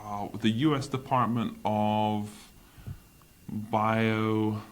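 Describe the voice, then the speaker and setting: A low-voiced man co-hosts a casual podcast chat. He is opinionated and talks in relaxed slang. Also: extremely slow, a little hiss or hum.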